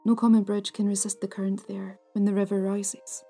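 Hushed, mellow woman telling ghost stories. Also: medium pitch, flat delivery, a little fast, faint music behind. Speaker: storyteller, podcast host. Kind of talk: scripted narration of ghost stories.

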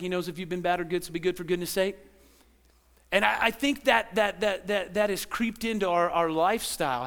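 A man preaching a sermon as pastor, animated and conversational, who often repeats words and throws questions at his congregation. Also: high-pitched.

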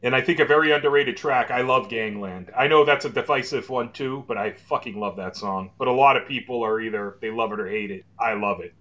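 A man's voice: mid-range voice, fairly quick, hardly any pauses, a bit bright. A man co-hosting a casual podcast, talking emphatically about metal records and swearing freely. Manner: emphatic, swears, hums riffs. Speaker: podcast co-host.

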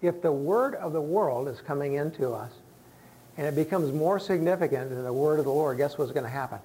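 A man's voice: a little high, brisk, warm tone, a little hiss or hum. A man preaching a conversational sermon as pastor to his congregation, acting out the voices of people he quotes. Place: church sanctuary with congregation.

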